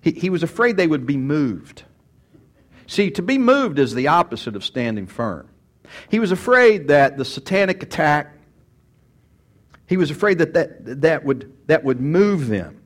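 Animated preaching man, fairly high voice. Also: unhurried. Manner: animated, rises loud for emphasis, then drops quiet; acts out quoted speech, repeats words. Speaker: pastor. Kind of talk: sermon.

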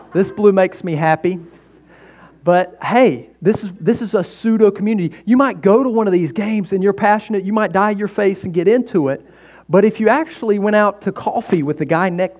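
A male pastor delivers a sermon in a folksy, joking way, often turning to the congregation with a quick "right?". His voice sits a little high, and the recording sounds somewhat dull and lo-fi. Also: a little mellow.

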